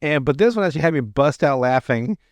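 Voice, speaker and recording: A man's voice: fairly high pitch, expressive, fast talker, dry recording. A man hosting a podcast, retelling comedy sketches in casual chat, rambling and profane, with lots of restarts. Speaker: podcast host.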